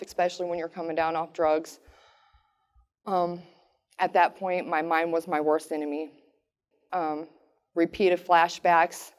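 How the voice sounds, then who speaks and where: A woman in her thirties in prison recounting her past in a halting way, with many fillers. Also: lowish voice, darkish tone, smooth. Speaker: incarcerated woman telling her story. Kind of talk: personal testimony.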